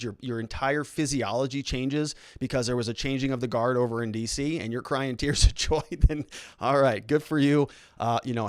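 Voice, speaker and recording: A man's voice: medium pitch, no echo, clean studio sound. A man hosting a legal and political commentary show, talking casually with a sarcastic edge. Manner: sarcastic, mocking quoted reactions in put-on voices.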